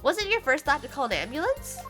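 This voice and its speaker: A woman's voice: high-pitched, wildly swooping pitch, fast talker, pushed and bright, voice pushed up, full character voice. A woman voicing an earnest young male defense attorney who questions the witness directly, read over game music. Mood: pressing.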